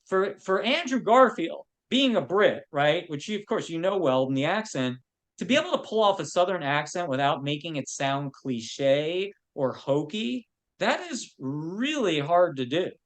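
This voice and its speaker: Man, film producer guest, casual storytelling, lots of "you know", slightly high pitch. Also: animated, unhurried. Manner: anecdotal, sprinkled with "you know". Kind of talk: casual interview chat.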